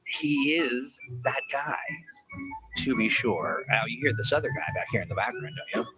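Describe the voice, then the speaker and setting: A man's voice: lowish voice, lively intonation, quick pace, music in the background, poor audio. A man co-hosting a livestream chat show, joking and reading chat messages aloud. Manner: jokey, reads chat aloud. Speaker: co-host. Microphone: remote call.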